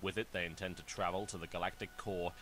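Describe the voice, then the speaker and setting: A man narrates a game's intro story in a formal, measured way. His voice sits low and deep. Clear background noise runs under the game audio. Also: fairly even intonation, fairly bright tone.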